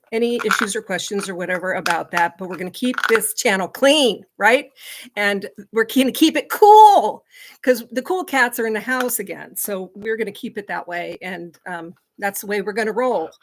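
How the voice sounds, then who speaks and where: A woman's voice: mid-range voice, background noise. A middle-aged woman chats loosely on her own livestream. She laughs easily and keeps stopping to speak to her dog. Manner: chatty, laughing often, talking to her dog. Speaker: livestream host. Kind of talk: casual livestream chat.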